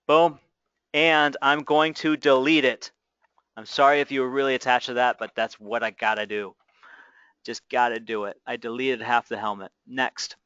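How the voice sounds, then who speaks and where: A man hosting a casual software tutorial, chatty and reassuring, narrating each click as he goes. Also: mid-range voice, clean tone, no room sound, lo-fi sound. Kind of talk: casual screen-recorded tutorial.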